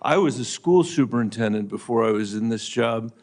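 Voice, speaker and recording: A man's voice: mid-range voice, animated, fairly quick, darkish tone. A man, a senator, questioning a nominee at a hearing in a pointed, insistent yes-or-no manner.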